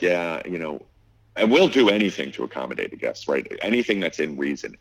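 A middle-aged man with a very low, deep voice tells a story from his restaurant in a relaxed interview. He acts out the other people's lines and fills his talk with "you know" and "like". The sound is dry and close. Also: no echo, poor audio. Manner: animated storyteller, acts out quotes, many fillers. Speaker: restaurant owner.

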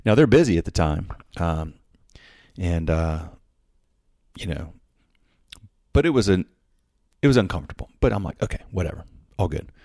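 A man's voice: low-pitched, lively intonation, normal speed, warm tone, dry recording, clean studio sound. A man telling a work story casually, full of fillers and restarts, acting out the quoted dialogue. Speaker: podcast host telling a story.

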